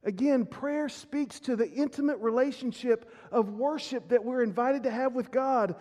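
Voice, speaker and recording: A man's voice: extremely high pitch, moderate pace, mellow. A male pastor preaching a sermon earnestly, often repeating words as he builds a point. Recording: reverberant hall.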